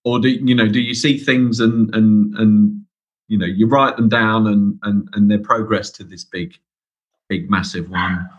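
A male podcast host with a husky, slightly breathy voice. He chats casually and jokes with his guest, often stalling and repeating words as he talks. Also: lowish voice, steady tone, measured pace, highs cut off. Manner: hesitant, repeats words, joking. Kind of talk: casual interview chat.

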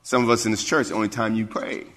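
A male pastor preaching a sermon, asking the congregation questions and swinging between hushed asides and raised exclamations. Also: on the low side, level tone, quick pace. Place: church sanctuary. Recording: long hall reverb.

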